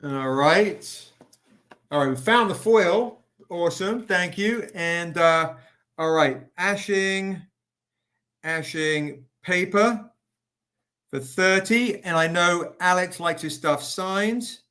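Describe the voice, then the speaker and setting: This live stream host has a high-pitched voice with a bright, forceful tone, and he takes things slowly. Tired and still recovering, he nonetheless chats cheerfully, calling out viewers by name as he sells comic editions.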